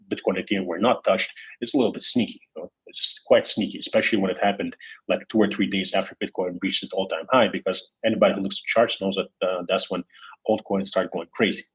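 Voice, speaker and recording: A man hosts a casual livestream in a deep, husky voice. He rambles along with plenty of fillers and false starts, reading out viewers' comments as he goes. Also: low-quality recording. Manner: rambling, many fillers and restarts, reads chat comments aloud. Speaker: crypto livestream host.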